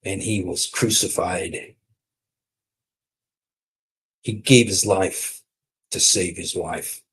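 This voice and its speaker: A man giving an emphatic, mocking polemical religious talk, swinging between loud and quiet. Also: low voice, extremely slow, breathy edge. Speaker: preacher on a streamed show.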